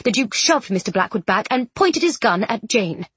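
A woman reads an audiobook in a steady storytelling voice. Her tone has a husky grain. The sound is close and dry. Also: a little high, normal speed, no room sound. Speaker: audiobook narrator. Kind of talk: scripted narration.

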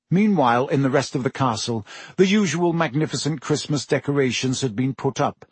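A man narrating a storybook in a steady, descriptive storytelling manner on a close mic. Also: mid-range voice, slightly rough, no room sound. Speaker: audiobook narrator. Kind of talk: scripted narration.

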